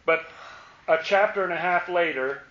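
A man's voice: sits high, normal speed. A man teaching a Bible study, asking questions and playfully dramatizing the scripture. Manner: asks questions, dramatizes the verses with playful exasperation. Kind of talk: interactive scripture lesson. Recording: echoey room, slightly dull sound.

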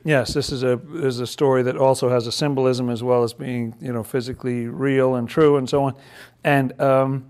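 A man's voice: mid-range voice, steady tone, normal speed, darkish tone, clear, resonant tone. A man leading a casual Bible study, chatty and laughing often, who acts out the figures' lines in playful voices.

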